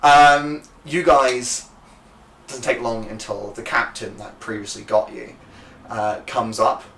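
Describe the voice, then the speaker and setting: A man's voice: medium pitch, flat delivery, slow, a bit bright, echoey room, distant mic, a little hiss or hum. A man narrating as game master of a tabletop game, loose and casual with many fillers.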